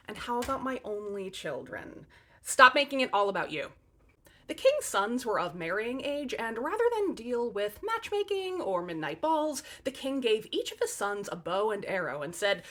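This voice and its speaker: A woman's voice: mid-range voice, sing-song, moderate pace, fairly bright tone. A woman telling fairy tales in a comic narration, with sarcastic, wry asides to the audience. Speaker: storyteller.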